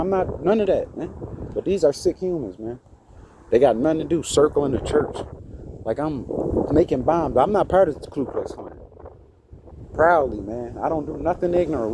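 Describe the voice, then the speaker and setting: Man, indignant street-preacher rant to phone camera, high and lively pitch, faint traffic behind. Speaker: vlogger. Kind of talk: ranting monologue to camera. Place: outdoors outside a church.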